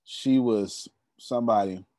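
A man's voice: lowish voice, a little slow, a little mellow, no room sound, studio quality. A young man giving a motivational storytelling talk, preachy and emphatic, speaking straight to his listeners. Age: young adult. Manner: preachy, addresses the audience directly, emphatic. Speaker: motivational speaker leading a members' meeting.

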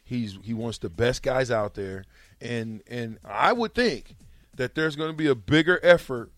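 Lively male co-host, sports banter, dry close mic, pitch jumps around. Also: unhurried, dry recording. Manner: animated, playful, protesting. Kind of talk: casual sports chat.

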